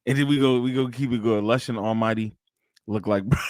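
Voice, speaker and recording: A man with a mid-range, slightly mellow voice runs a live-stream reaction, speaking crudely and casually close to his mic. He bursts out laughing now and then, and the recording is dry.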